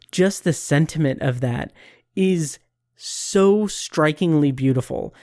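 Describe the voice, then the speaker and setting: Podcast host, male, fairly high voice; warm, earnest, rambling enthusiasm, dry close mic. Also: clear, resonant tone, no room sound. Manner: earnest and gushing, many fillers and restarts. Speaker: podcast host reviewing TV episodes. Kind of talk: casual solo review.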